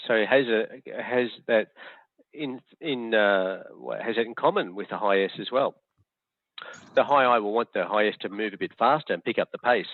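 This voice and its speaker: A man's voice: on the low side, no room sound. Man leading an online workshop. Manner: chatty and hesitant, many fillers and restarts. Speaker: workshop facilitator. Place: home or office on a video call. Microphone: video call. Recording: tinny phone-like online call audio.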